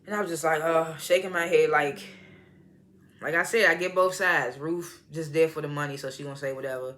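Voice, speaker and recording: Bright-voiced man doing a slangy recap. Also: on the high side, fairly even intonation, brisk. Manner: slangy, profane, laughs often while recounting scenes. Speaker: TV episode reviewer. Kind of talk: casual episode recap review.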